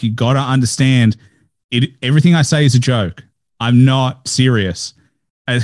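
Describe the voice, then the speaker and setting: A man hosting a casual interview podcast, talking in a deadpan, dry, even tone. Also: mid-range voice, no echo. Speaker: podcast host.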